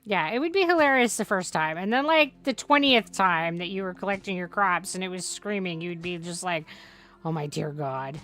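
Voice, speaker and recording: A woman's voice: medium pitch, a little fast, hardly any pauses, fairly bright tone. A woman streamer chatting through a farming game, rambling and joking with plenty of swearing. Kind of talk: casual gameplay commentary.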